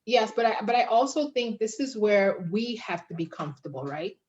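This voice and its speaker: A woman career advisor on a panel discussion, talking in an animated way and acting out bits of dialogue. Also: mid-range voice, moderate pace, muffled recording, a little hiss or hum. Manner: animated, acts out quoted dialogue.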